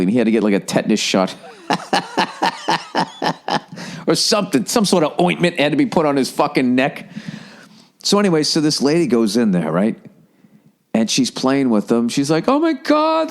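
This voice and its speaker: A man hosting a podcast, telling a rambling, profane comic story in an animated way. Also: fairly high pitch. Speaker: podcast host. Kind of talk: comedic storytelling rant.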